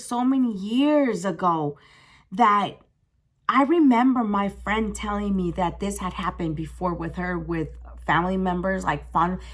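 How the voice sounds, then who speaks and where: Young woman vlogger, animated storyteller with frequent restarts. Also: mid-range voice. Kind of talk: storytime vlog, casual chat.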